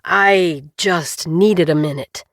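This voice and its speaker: A woman reading an audiobook voices an apologetic grown man, lowering her voice for him. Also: slow pace, dry recording, studio quality. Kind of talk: audiobook character voice.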